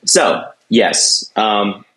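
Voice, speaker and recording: Podcast host, deep low voice, opinionated, loose casual chat. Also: male voice, very animated, very slow, crowd noise. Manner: opinionated, restarts often.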